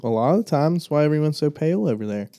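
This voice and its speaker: A man's voice: on the high side, expressive, very fast, dark tone. A young man with a Southern US accent, talking with a friend in a laid-back, drawling way. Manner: laid-back, drawling, puts on a jokey Irish accent at times. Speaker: podcast co-host. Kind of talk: casual chat.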